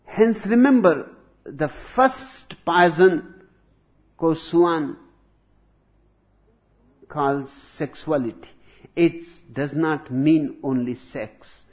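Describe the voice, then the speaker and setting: Slow, deliberate man lecturing. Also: on the high side, fairly even intonation. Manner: slow, deliberate, emphatic delivery with long pauses. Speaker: spiritual teacher. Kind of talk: spiritual discourse with jokes. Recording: dull lo-fi recording.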